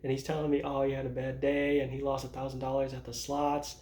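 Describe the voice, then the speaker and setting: A man in his thirties tells his own stories to the camera, stumbling through restarts and laughing at his own moments. His voice sits at an ordinary middle pitch. The room around him sounds hollow and echoey. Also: completely flat delivery, quick pace, darkish tone, slight background noise. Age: 30s. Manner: rambling, self-interrupting, laughs at himself. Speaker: vlogger. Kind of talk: casual personal vlog. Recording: roomy echo.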